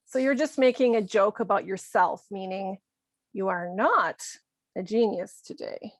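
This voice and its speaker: A woman teaching an English lesson, explaining slowly and clearly and acting out short example lines. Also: medium pitch, no room sound, studio quality. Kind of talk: scripted ESL lesson.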